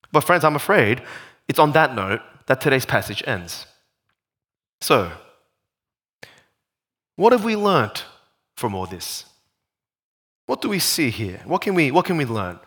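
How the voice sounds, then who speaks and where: A male pastor preaching a sermon, animated and full of rhetorical questions. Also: mid-range voice, breathy edge.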